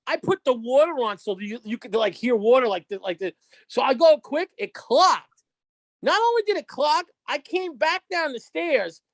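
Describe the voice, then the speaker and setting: New woman telling a crude story on a podcast, bouncy highish voice, dry sound. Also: moderate pace, no room sound. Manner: animated, acts out quotes, heavy swearing. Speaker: guest.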